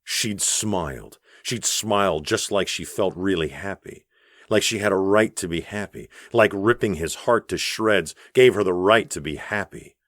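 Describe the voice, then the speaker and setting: A man narrating an audiobook in a measured, even storytelling voice on a close studio mic. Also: sits low, dry recording. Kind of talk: scripted narration.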